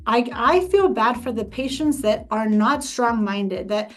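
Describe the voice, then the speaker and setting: Animated woman host telling a personal story. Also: on the high side, a little slow. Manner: animated, emphatic storytelling with many restarts. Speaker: podcast host. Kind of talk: personal story in casual conversation.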